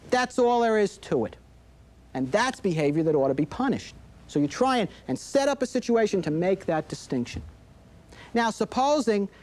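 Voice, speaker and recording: A man giving an instructional talk to parents on child behavior, explaining with examples and acting out quoted lines from a 1980s videotape. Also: sits high.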